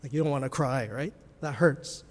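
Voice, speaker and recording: A man preaching a sermon as pastor, dropping to hushed whispers and then rising to loud, emphatic bursts. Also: medium pitch, normal speed. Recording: long reverb of a large hall.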